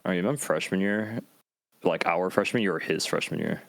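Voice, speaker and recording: A man's voice: low voice, moderate pace, gravelly, poor audio. A man co-hosting a podcast in casual chat, making dry joking asides. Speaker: podcast co-host.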